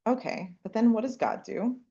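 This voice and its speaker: A woman and mother of young kids teaching a lively Torah class, often asking "right?" and acting out the lines she quotes. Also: on the high side, moderate pace, highs cut off. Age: adult parent with young kids. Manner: animated, keeps asking "right?", acts out quotes. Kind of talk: lively Bible class lecture.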